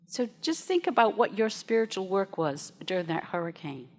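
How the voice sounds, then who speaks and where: With a mid-range voice and moderate pace, a woman minister gives her congregation a sermon full of stories. She keeps it chatty and lively, laughing as she talks.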